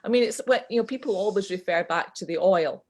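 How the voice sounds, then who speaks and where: A woman's voice: medium pitch, quick pace, a little mellow. A woman, talking with passion and jokes as a guest in a video-call chat. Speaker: podcast guest.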